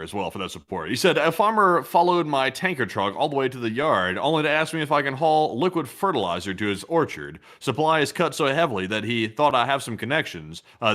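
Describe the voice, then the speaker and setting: Co-host, male, bright forceful tone, reads donation messages, easygoing. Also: mid-range voice. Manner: reads donations aloud, relaxed banter. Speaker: co-host reading viewer messages. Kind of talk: casual livestream chat.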